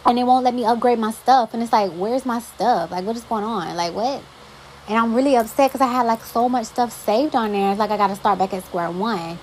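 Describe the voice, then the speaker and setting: A young woman hosts her own podcast and chats on her own in a fairly high voice. She talks emphatically, with exasperated asides. A faint hum of noise sits behind her. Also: a little fast, darkish tone, poor audio. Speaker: podcast host. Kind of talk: casual solo podcast monologue.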